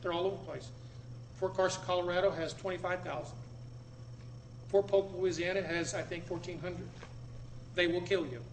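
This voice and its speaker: A man giving a public talk to a live audience in a room, emphatic, repeating words and swinging between loud and low. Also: fairly even intonation, brisk, pauses often, slight background noise. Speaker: speaker addressing an audience.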